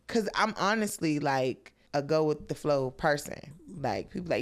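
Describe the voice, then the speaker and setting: A woman who is a comedian, guesting on a podcast and telling stories in a laid-back, animated way. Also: low voice, moderate pace, few pauses. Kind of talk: casual podcast storytelling.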